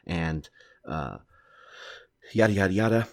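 Man in his thirties, very low voice, dry close sound; blunt, opinionated solo podcast host who swears and restarts sentences. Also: lively intonation, normal speed, darkish tone, no echo. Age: 30s.

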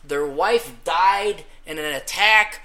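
A man's voice: on the high side, takes it slowly, bright, forceful tone. A man hosting a podcast, ranting casually and sarcastically, breaking into mocking sung parodies. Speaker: podcast host.

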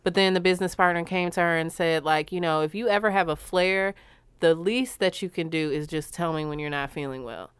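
Woman podcast co-host, smooth clear voice, dry close mic, candid and profane. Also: lowish voice, brisk, dry recording. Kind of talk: casual chat.

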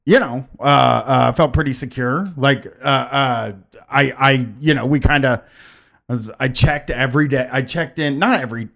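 Brief: gravelly-voiced male podcast host, rambling and halting. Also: medium pitch, steady tone, a bit bright. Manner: rambling, halting, full of fillers and restarts. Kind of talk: casual chat.

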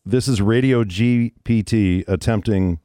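A man's voice: lowish voice, measured pace, warm tone, no room sound, clean studio sound. A man hosting a morning rock radio show, telling a story in a wry, conversational way. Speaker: radio host. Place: radio studio.

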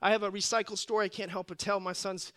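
Middle-aged male pastor, high bright voice, animated storyteller who goes hushed for effect. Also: fast talker. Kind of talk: sermon with personal story.

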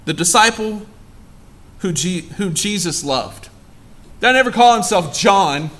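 A man's voice: expressive, a little slow, fairly bright tone. A man preaching a sermon to a congregation in a church, acting out the lines of the story with dramatic swings and asking the room questions. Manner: dramatic, acts out quoted lines with big shifts in pitch and volume; asks the congregation direct questions. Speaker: pastor.

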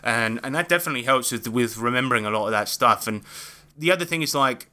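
Bright-voiced man, laughing podcast storyteller. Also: medium pitch, fast talker. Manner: swearing, laughing storyteller with frequent restarts. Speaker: podcast co-host and game master. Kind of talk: casual podcast chat.

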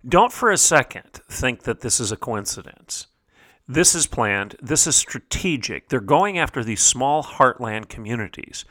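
Emphatic, bright-voiced talk show host. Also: male voice, mid-range voice, dry recording, clean studio sound. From United States. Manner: emphatic, indignant, rhetorical. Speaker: podcast host. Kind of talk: opinion talk show monologue.

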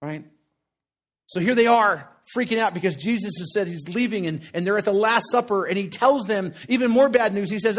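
High-voiced earnest male preacher. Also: fairly quick. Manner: conversational preaching, rhetorical "right?" checks; earnest, builds emphasis in short repeated phrases. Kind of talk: sermon.

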